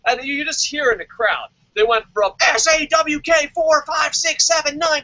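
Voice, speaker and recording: A man rants through a wrestling review, swearing nonstop and jumping into mocking voices. His voice sits very high and bright. The recording is dry and a little dull, with no room sound. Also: normal speed, few pauses, dry recording. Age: adult, calls himself old. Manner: loud, excitable, constantly swearing, acts out mocking voices. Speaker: wrestling vlog host. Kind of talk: profane comedic rant. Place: lives in Tokyo.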